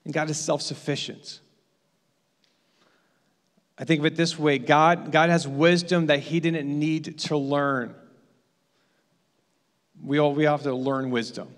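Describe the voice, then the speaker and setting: A man's voice: a little high, fairly even intonation, slow pace, long pauses, long reverb tail. A man preaching a sermon as pastor, building his points through emphatic repetition.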